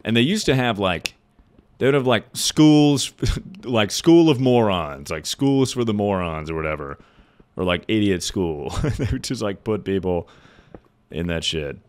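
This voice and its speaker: Deep-voiced young man chatting on stream. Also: expressive, measured pace. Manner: loose and joking, swears freely, answers chat out loud. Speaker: livestreamer playing a game and reading chat. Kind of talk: casual stream chat.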